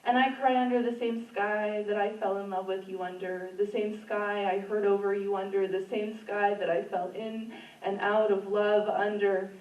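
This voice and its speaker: A woman's voice: medium pitch, flat delivery, normal speed, few pauses. A woman reading her own poems at an open mic in a library community room, in an earnest, emotional voice. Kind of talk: poetry reading. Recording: roomy, distant, dull room sound.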